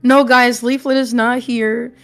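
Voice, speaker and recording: A woman co-streamer chatting casually, mostly giving short reactions and soft exclamations. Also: fairly high pitch, little pitch movement, measured pace, faint music behind.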